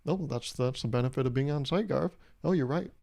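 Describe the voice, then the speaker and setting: A man's voice: mid-range voice, fast, gravelly, darkish tone. A young man hosting his own podcast, riffing through a crude, rambling comedic monologue with a self-amused edge. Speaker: podcast host.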